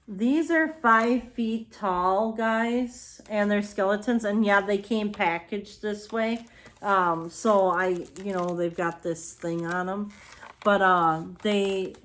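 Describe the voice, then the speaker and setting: Her mid-range voice is a bit bright as this home decor haul vlogger chats casually about her purchases, wandering off topic and frequently tossing in little apologies.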